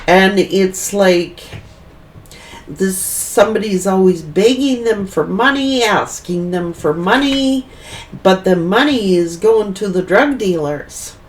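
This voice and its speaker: A woman's voice: medium pitch, slow pace, recorded from a distance, slight background noise. A woman giving a tarot reading, rambling and repeating herself as she thinks aloud. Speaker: tarot reader.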